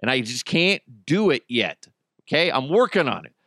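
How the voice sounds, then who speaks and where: A man's voice: medium pitch, big pitch swings, normal speed, pushed and bright, no echo, studio quality. A man hosting a casual solo podcast, rambling and joking, swearing freely. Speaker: podcast host.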